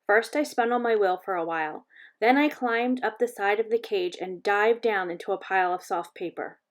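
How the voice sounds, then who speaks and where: A woman reading a children's chapter book aloud in a gentle, measured storytelling voice. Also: mid-range voice. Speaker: reader.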